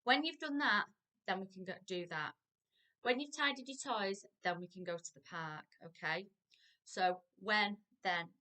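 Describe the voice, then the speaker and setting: A woman teaching a parenting lesson, lively and playful, acting out what parents and children say. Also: mid-range voice, unhurried. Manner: animated, acts out parent and child lines. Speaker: parenting practitioner.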